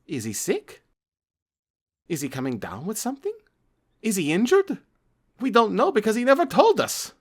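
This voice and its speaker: A man's voice: high voice, huge pitch swings, moderate pace, pauses often, slightly rough, pitched above the performer's own voice, heavily acted. A man voicing a cartoon father who asks anxious, rising questions. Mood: worried. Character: worried cartoon father, middle-aged male vegetable.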